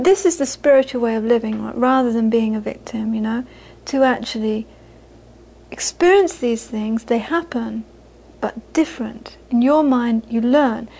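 High-voiced woman giving a dharma talk. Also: slightly rough, low-quality recording. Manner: warm storytelling, laughs often, repeats phrases for emphasis. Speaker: Buddhist teacher. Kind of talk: dharma talk to a live audience.

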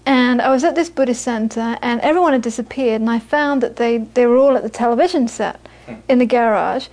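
A Buddhist teacher gives a dharma talk to a small audience, sharing anecdotes and often repeating words while she searches for phrasing. Her voice is a little high, a little mellow, and slightly fast.

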